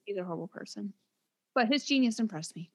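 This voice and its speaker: A woman co-hosting a casual book-talk show, lively and acting out characters' lines as she recaps. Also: mid-range voice, fast. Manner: animated, acts out characters' lines. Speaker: podcast co-host.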